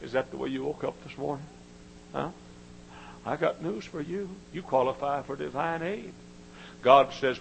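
A man preaching a sermon, with emphatic repetition and dramatic swings from hushed tones to shouting. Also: medium pitch, normal speed, creaky, long pauses, slight background noise, low-quality recording.

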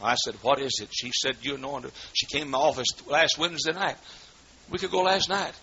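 A man preaching a sermon as pastor in a church, swinging between shouted fervor and hushed storytelling. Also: medium pitch, steady tone, fairly quick. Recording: dull lo-fi recording with faint noise.

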